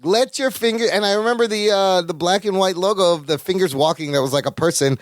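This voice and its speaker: A podcast co-host from the Chicago area, recapping a sitcom in casual chat and quoting the characters' lines with expressive delivery. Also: mid-range voice, quick pace, no echo, studio quality. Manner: expressive, quotes characters and jokes along.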